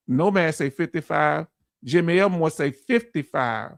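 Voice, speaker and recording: A man's voice: fairly high pitch, fairly bright tone, no room sound, clean studio sound. A middle-aged man with a Southern US accent hosting a casual livestream, joking, laughing and reading out viewer comments. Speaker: livestream host.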